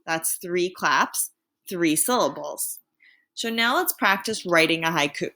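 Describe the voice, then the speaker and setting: A woman's voice: lowish voice, animated, sharp tone. Patient woman teaching a lesson. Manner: clear, patient, slowing down to sound out words. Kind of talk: remote lesson for students.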